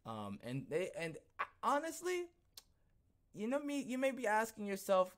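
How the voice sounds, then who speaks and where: Animated, emphatic male podcast host. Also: unhurried. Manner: animated and emphatic, swinging from low asides to loud outbursts; repeats himself, rambling restarts. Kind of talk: casual ranting commentary.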